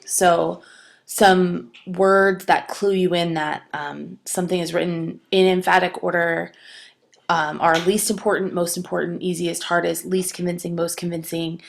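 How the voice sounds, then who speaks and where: A woman with a low, gravelly voice teaches a writing lesson for video. She explains step by step, with the odd filler and restart. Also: flat delivery, a little slow. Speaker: writing instructor. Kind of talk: recorded video lecture.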